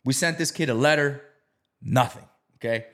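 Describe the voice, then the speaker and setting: A man's voice: mid-range voice, normal speed, a bit bright. A man casually telling a story, swearing freely and acting out the people he quotes. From South Florida. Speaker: real estate investor.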